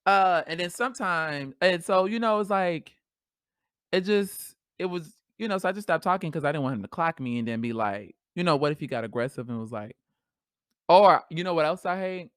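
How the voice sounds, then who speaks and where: A woman hosting a podcast solo, talking in a casual, animated, slangy way and laughing often. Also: fairly low pitch, normal speed, no room sound, clean studio sound. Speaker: podcast host.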